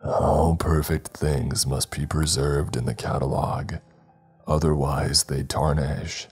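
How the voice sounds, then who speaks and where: A man voicing a frail, cruel old grandfather who speaks in a slow, wheezing croak, over faint music. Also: rumbling low, little pitch movement, heavily acted. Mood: croaking menace.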